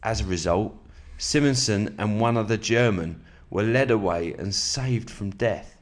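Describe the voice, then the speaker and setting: A man with a slightly sore throat, hosting a podcast in a relaxed, matey way and reading aloud from a book at an even, measured pace. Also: on the low side. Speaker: podcast host.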